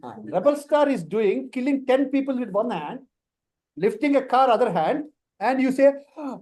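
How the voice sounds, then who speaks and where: Leading a live online career class, this man speaks with a Telugu Indian accent in a very high, animated voice that's a little mellow, at a normal speed. His manner is playful and teasing, and Telugu words slip into his English.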